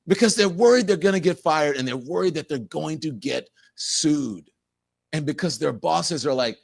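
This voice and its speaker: A middle-aged man hosting his own show, telling a story in a casual, animated way, acting out quoted voices and swearing freely. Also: on the high side, moderate pace, gravelly. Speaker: show host.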